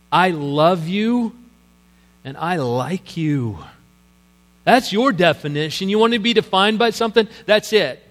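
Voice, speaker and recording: A man's voice: sits high, a bit bright. A middle-aged man preaching a sermon as a pastor, telling stories in a loose, conversational way and laughing at his own anecdotes. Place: church sanctuary. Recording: live hall with long reverb and mains hum.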